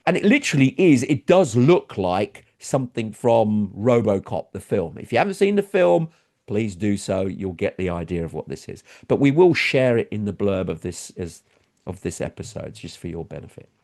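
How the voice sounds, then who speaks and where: A man's voice: normal speed, gravelly. A man co-hosting a casual podcast discussion, talking expressively about technology. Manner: expressive, swings his pitch up and down. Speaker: co-host.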